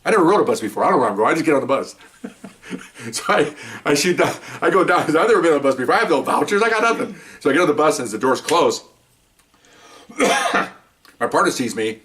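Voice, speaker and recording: Older former police officer telling a story, quick and animated, slightly distant mic. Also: male voice. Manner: animated, jumps up in pitch when acting out dialogue. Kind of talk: casual storytelling. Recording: voice picked up from a distance.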